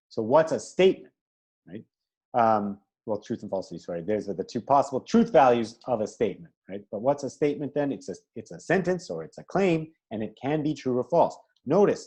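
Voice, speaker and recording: Chatty male teacher with a lively voice. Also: mid-range voice, breathy edge. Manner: chatty, checks in with "right?" and "okay?"; self-correcting, with fillers and restarts. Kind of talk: informal classroom lecture.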